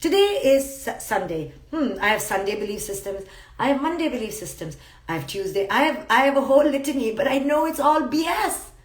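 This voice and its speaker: A woman's voice: high-pitched, very animated, a little fast. A woman psychologist giving a live-streamed motivational talk, emphatic and blunt, repeating her key words. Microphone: phone live stream. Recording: roomy echo.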